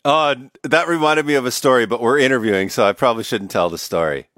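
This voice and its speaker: A man's voice: mid-range voice, fast talker, fairly bright tone, dry recording. A man in his thirties co-hosting a casual podcast, telling funny stories and laughing through them. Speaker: podcast co-host.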